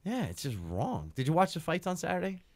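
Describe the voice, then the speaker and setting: A man co-hosting a podcast, telling a story in casual, profane chat that swings from loud outbursts to low asides. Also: wildly swooping pitch, fairly quick, dry recording. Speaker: podcast co-host. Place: podcast studio.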